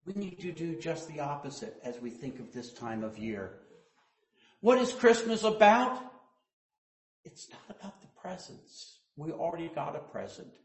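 A man preaching a sermon as pastor, telling stories and quoting people in hushed voices, then rising to loud emphasis. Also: fairly high pitch, animated, moderate pace, hardly any pauses. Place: church sanctuary. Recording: echoey church room.

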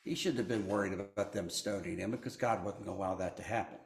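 A man's voice: on the low side, roomy sound. A man preaching a sermon, reading scripture and adding asides to the congregation. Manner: slow, deliberate delivery with asides to the congregation.

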